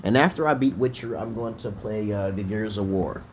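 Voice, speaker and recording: A man's voice: fairly low pitch, normal speed, slight background noise. A man from Brooklyn, hosting a casual livestream and telling a rambling, profane story full of restarts. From Brooklyn, New York, USA. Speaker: livestream host.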